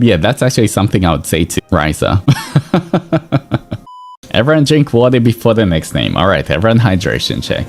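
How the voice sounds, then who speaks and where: A man's voice: low voice, very animated, moderate pace. A man streaming in casual chat, playful and teasing, often breaking into laughter.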